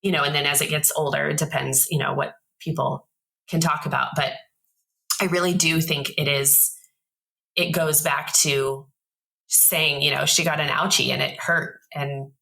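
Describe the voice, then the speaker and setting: Low-voiced, bright woman telling a story. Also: moderate pace, creaky, low-quality recording. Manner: animated storyteller, acts out quoted voices. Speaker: podcast guest. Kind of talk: casual storytelling interview.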